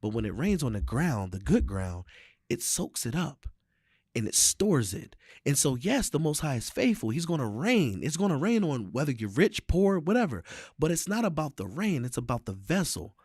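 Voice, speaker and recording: Guy hosting a chat, preachy rhythm, pitch bouncing all over, dry close sound. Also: normal speed, breathy edge, no echo. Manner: animated, preacher-like cadence with frequent mm-hmms. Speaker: host. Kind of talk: casual conversation.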